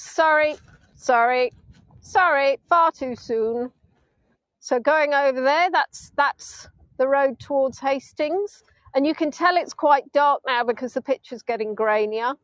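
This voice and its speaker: A middle-aged woman from Hampshire with a southern English accent, chatting warmly with viewers while leading a live virtual tour outdoors on a beach. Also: high voice, measured pace, dry recording, rough recording. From England (Hampshire). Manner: chatty, affectionate, answering viewers' comments.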